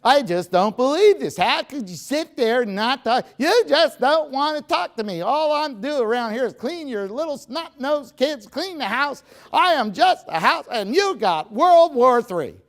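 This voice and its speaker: A man voicing an exasperated middle-aged wife who nags her silent husband in a shrill, complaining rant. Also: expressive, a little slow, hardly any pauses, heavily acted.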